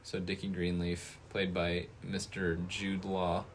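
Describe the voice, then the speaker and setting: Low-voiced man rambling about a movie. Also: completely flat delivery, slow, slight background noise. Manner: rambling, hesitant with many fillers and restarts. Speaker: podcast co-host. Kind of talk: casual movie review chat.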